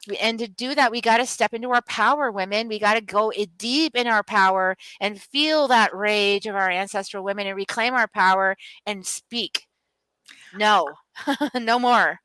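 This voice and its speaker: A woman's voice: medium pitch, normal speed, few pauses, sharp tone, clear, resonant tone, no room sound, low-quality recording. A middle-aged woman, a healer and author, telling stories with fervent, emphatic, repetitive urging. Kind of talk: passionate interview storytelling.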